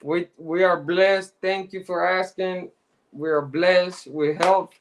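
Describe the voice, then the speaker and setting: A middle-aged man with a notably high voice hosts a relaxed live show. He talks in loose street slang and greets viewers by name. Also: slow pace. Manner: laid-back street slang, shout-outs to viewers. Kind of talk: casual chat, reading out viewer comments.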